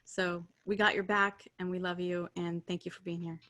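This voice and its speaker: A woman's voice: on the low side, flat delivery, moderate pace. Woman hosting with affirming words. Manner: warm, affirming, spiritual closing words. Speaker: host. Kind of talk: casual chat.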